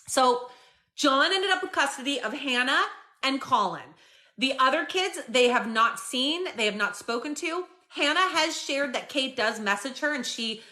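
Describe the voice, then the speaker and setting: Bright-voiced chatty woman host. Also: fairly high pitch. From Canada. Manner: chatty, animated retelling with many fillers. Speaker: live-stream host. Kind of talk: casual live-stream chat.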